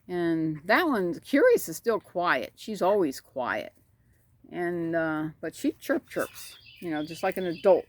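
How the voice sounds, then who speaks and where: A woman's voice: fairly low pitch, expressive, unhurried. A woman chatting about her backyard chickens, rambling and cooing at the birds, recorded outdoors on a phone. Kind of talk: casual chat. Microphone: phone camera.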